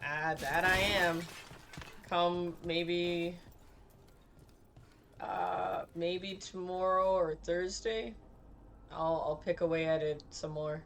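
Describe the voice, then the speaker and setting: A woman's voice: fairly low pitch, steady tone, takes it slowly, pauses often, fairly bright tone, a little hiss or hum. A young woman streaming a game, chatting casually with crude jokes and laughter. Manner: crude, joking, laughing, tipsy banter. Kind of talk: casual live-stream chat.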